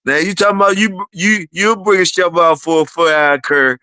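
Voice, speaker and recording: Bright, crisp-voiced man teasing. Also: high-pitched, fairly even intonation, a little fast, no room sound. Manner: teasing, profane, repeats names for emphasis. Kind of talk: casual banter.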